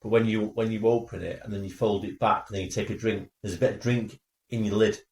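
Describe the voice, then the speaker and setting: A man's voice: lowish voice, steady tone, fast talker, a little hiss or hum. A man co-hosting a casual podcast, chatty and teasing his co-host. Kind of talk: casual banter. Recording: echoey room.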